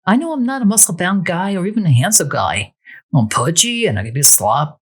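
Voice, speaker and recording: Woman reading a lovestruck man, earnest, pleading, husky, animated. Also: on the low side, a little fast, voice pushed up.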